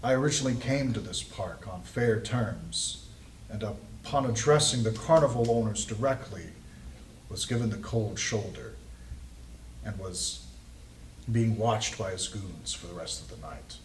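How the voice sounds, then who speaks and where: A man voicing a soft-spoken, secretive male fey mimic in a tabletop game, slow and hushed. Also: on the low side, echoey room, recorded from a distance, slight background noise, pitched below the performer's own voice, lightly acted, poor audio.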